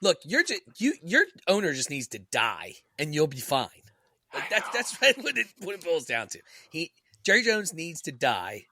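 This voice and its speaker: A man's voice: on the high side, huge pitch swings, moderate pace, bright, forceful tone, no echo. A man co-hosting a casual podcast, bantering with profanity and frequent laughter. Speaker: podcast co-host. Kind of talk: casual chat.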